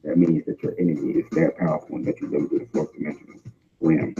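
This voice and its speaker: Very deep, dark-voiced rambling man. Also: little pitch movement, quick pace, muffled recording. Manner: rambling, keeps asking "you know what I'm saying". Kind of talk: casual chat on a group call.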